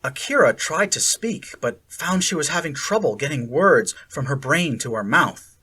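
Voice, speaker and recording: A reader narrating a fan fiction chapter in a measured storytelling voice. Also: medium pitch, expressive, pushed and bright, slightly rough.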